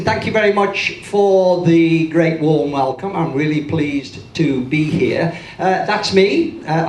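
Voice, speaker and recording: An older man with a Birmingham accent speaks from a stage, his voice pitched a bit high for a man and ringing in an echoey hall. He jokes and teases himself in a chatty keynote manner, with a faint hum of the room behind him. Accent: Birmingham English. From Birmingham, England. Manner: joking, self-deprecating, chatty. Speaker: motivational speaker. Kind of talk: conference keynote talk. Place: large conference hall with audience.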